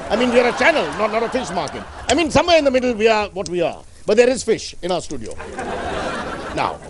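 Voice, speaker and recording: A man hosting a comedy sketch as a loud, bombastic TV debate anchor, hammering his points with repetition. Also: high-pitched, background noise. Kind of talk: parody of a shouting TV debate anchor.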